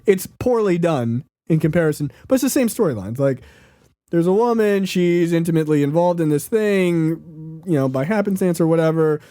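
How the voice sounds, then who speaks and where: Male podcast co-host, fairly high voice, crude and animated riffing, dry close mic. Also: no echo. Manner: profane, animated, acts out scenes in quick impressions. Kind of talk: casual movie-review banter.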